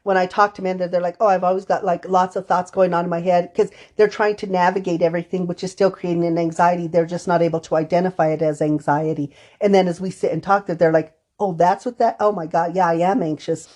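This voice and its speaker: A woman with a fairly low, darkish voice talks fast and steadily, barely pausing. She's a counselor co-hosting a podcast, chatting casually and telling anecdotes in which she acts out brief quotes from her clients.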